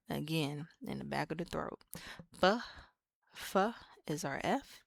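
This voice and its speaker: A woman's voice: low-pitched, measured pace, vocal fry, dry recording, studio quality. An American woman giving a casual, playful lesson, repeating each sound several times with chatty asides. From United States. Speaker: language teacher.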